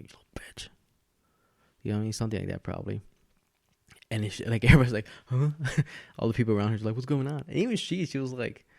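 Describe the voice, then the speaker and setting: A man's voice: on the low side, gravelly, darkish tone, no echo, studio quality. A young man hosting a podcast, telling a story in rambling casual chat, laughing often and swearing. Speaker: podcast host.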